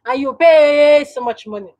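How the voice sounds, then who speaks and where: A woman's voice: high voice, a little slow, mellow, rough recording. Chatty Nigerian woman on a live stream. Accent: Nigerian English. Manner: chatty, laughs often, speaks directly to viewers. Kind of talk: casual live-stream chat with viewers. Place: at home.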